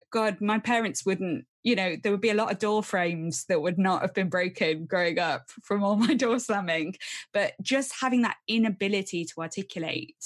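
A woman co-hosting a podcast, talking in an earnest, rambling way with frequent restarts. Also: mid-range voice. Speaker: podcast co-host. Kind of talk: casual podcast chat.

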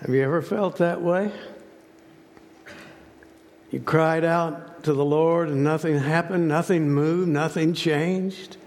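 A man's voice: on the high side, fairly even intonation, slow, long pauses, darkish tone. A man preaching a sermon, telling a story dramatically and asking rhetorical questions. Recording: long hall reverb.

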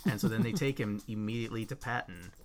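A man co-hosting a podcast, retelling film scenes in a relaxed, dry way. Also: lowish voice, fast talker. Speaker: podcast co-host. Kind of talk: casual film discussion.

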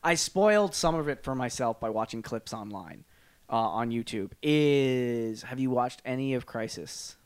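A man with a smooth, clear voice chats casually as a podcast co-host. He rambles, circles back and corrects himself with plenty of fillers. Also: medium pitch, lively intonation, unhurried. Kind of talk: casual chat.

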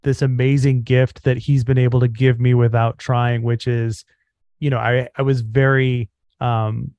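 An earnest man with a mid-range voice co-hosts a podcast and speaks reflectively. He fills his pauses with "um" and "like". The recording is close and dry. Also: medium pitch, level tone, a little mellow, no room sound, highs cut off. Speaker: podcast co-host. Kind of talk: casual podcast chat.

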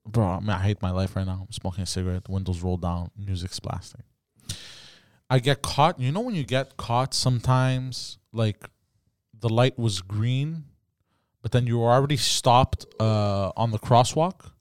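A man's voice: fairly low pitch, moderate pace, smooth, no echo, clean studio sound. A man, co-hosting a podcast and telling profane stories in casual chat. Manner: profane storytelling, yelling in quoted outbursts. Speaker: podcast co-host.

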